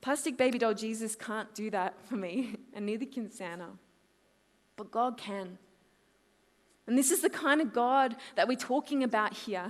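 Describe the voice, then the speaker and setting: Australian woman in her twenties, high voice, lively testimony storytelling, long hall echo. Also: moderate pace. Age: 20s. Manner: lively storytelling, acts out her own quotes loudly. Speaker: conference speaker. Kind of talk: testimony talk at a youth conference. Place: large hall.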